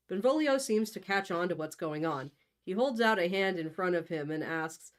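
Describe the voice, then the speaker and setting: A woman reading a gamebook aloud, reciting Shakespearean verse in a slow, deliberate way. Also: fairly low pitch. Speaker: book reader.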